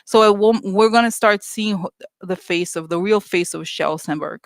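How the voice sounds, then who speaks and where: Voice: medium pitch, normal speed, no room sound. A vlogger ranting casually and with exasperation to viewers, talking in loose runs full of fillers and restarts. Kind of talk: casual opinion rant to viewers.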